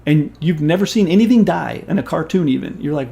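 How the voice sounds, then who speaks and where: A man in his forties, a stream host, telling a story in casual chat in an animated, profane and emphatic way. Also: a little high, fairly quick, vocal fry.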